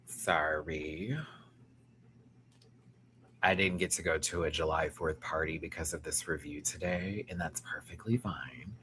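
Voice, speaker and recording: A man from the American South with a Southern accent, hosting a casual reaction review and talking in an animated, slangy way that is full of swearing. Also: very deep voice, a little slow, pauses often, a little hiss or hum. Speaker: reaction show host.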